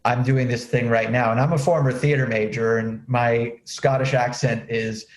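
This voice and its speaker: A man's voice: medium pitch, fairly even intonation, normal speed. A man hosting an interview, talking loosely and chattily about speaking and performance. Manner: chatty, loose, with many fillers. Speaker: host. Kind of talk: casual interview chat. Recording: roomy echo.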